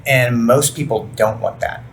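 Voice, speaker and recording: A man's voice: medium pitch, steady tone, fairly bright tone, a little hiss or hum. A man hosting a podcast interview, enthusiastic and affirming, chatting casually with his guest. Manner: enthusiastic, affirming, quick to agree. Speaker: podcast host and recruiter.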